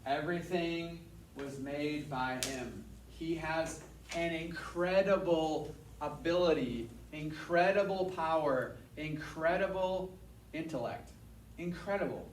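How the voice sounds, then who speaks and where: A man giving a casual Bible lesson to a class, energetic and repeating his points for emphasis. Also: a little high, takes it slowly, slight background noise. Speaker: Bible teacher. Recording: echoey room, mic at a distance.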